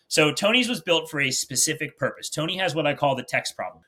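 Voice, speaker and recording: A man from New Jersey walks through a screen-share demo at a rapid clip. His voice sits a bit high and cuts through sharp and forceful. He pitches hard and drops a curse word without slowing down. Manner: blunt, salesy, swears casually. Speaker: fitness business presenter.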